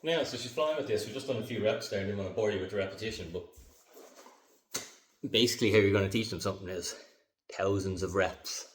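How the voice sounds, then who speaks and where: Low-voiced dog trainer, echoey room. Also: male voice, quick pace, long pauses, distant mic, a little hiss or hum. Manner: explains calmly, breaks off for short upbeat commands and praise to his dog. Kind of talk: hands-on training demonstration.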